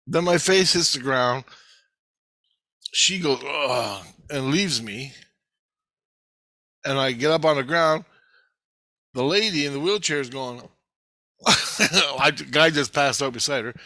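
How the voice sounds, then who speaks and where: A man recounting a personal experience in a loose, rambling way, cursing freely and chuckling at his own tale. His voice is bright and edgy, recorded close and dry with no room echo. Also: on the high side, lively intonation, unhurried, long pauses. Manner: blunt, rambling, swears freely, laughs at himself. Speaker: vlogger. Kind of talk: casual storytelling.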